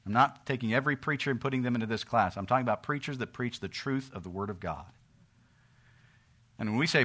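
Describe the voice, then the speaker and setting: A man preaching an evening sermon, swinging between loud emphatic lines and hushed quoted voices. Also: mid-range voice, fast. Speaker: pastor.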